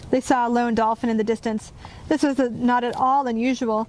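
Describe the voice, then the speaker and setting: A woman narrating a children's storybook in a gentle, even read-aloud manner. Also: fairly high pitch, a little fast.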